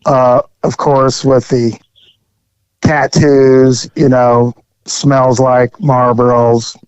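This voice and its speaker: A man's voice: medium pitch, level tone, drawn-out words, a little mellow, clear, resonant tone, no echo, dull audio. A man hosting a podcast, telling a story in a rambling, joking way. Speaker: podcast host.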